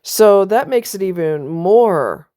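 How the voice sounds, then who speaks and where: A woman's voice: mid-range voice, lively intonation, slow pace, mellow, clean tone, no room sound, studio quality. A woman vlogger telling a personal story in a blunt, emphatic way, now and then swearing. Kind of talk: casual personal monologue.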